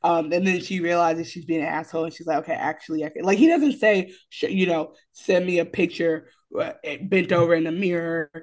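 A woman co-hosting a casual podcast recap of a TV episode, animated and profane, acting out what the characters say. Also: lowish voice, fairly quick, few pauses. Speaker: podcast co-host.

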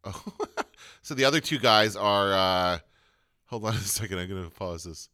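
A man co-hosting a casual podcast chat about movies, rambling and pausing to look things up. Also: deep voice, sharp tone. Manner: rambling, looks things up mid-talk. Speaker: podcast co-host.

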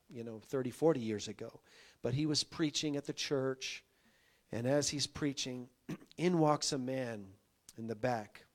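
Male pastor, conversational sermon storyteller, mid-pitched, climbs to forceful emphatic lines. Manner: folksy, builds to emphatic peaks.

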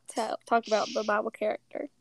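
A woman's voice: fairly high pitch, completely flat delivery, fairly quick. A young woman co-hosting a podcast in casual chat, talking with many fillers and laughing often. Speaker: podcast co-host.

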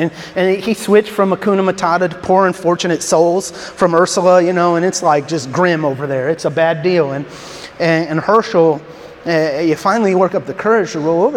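A man preaching a sermon as a pastor, telling a story in an animated way with stammering restarts. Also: fairly high pitch, normal speed, slight background noise. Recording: long reverb in a large hall.

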